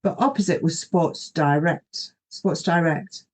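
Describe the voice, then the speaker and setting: A woman's voice: deep voice, takes it slowly. A middle-aged woman, hosting a podcast and telling a personal story in a rambling, anecdotal way, often quoting herself. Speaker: podcast host.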